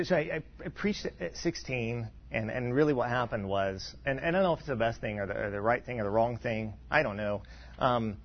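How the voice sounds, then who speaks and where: A man in his forties, a pastor, preaching a sermon in an earnest, self-deprecating way, often restarting and clearing his throat. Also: medium pitch, highs cut off, a little hiss or hum. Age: 40s.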